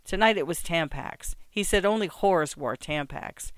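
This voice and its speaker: A man voicing a battered, desperate woman nearly fifty, pleading and frightened, his pitch pushed well up. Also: measured pace, a bit bright, no echo. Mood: mumbling.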